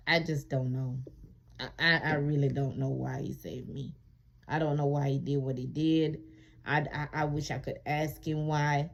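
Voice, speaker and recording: A woman casually telling a personal story to viewers, emphatic and colloquial, repeating phrases for emphasis and growing animated when she recalls being wronged. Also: sits low, measured pace, creaky. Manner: animated when reliving indignation. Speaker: vlogger sharing her immigration experience.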